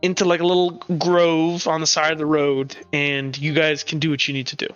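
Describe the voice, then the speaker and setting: Casting: male game master, bright tone, muffled lo-fi sound, quiet music behind. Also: on the high side, flat delivery, fairly quick, clear, resonant tone, dry recording. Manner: rambling, filler-heavy narration. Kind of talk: narrating a tabletop game.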